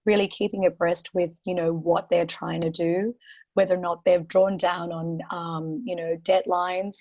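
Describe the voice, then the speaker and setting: An Australian woman with a croaky voice, answering interview questions as a guest on a webinar, talking steadily with lots of "you know" and "um" fillers. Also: on the low side, little pitch movement, unhurried, a little mellow, highs cut off. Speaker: portfolio manager guest.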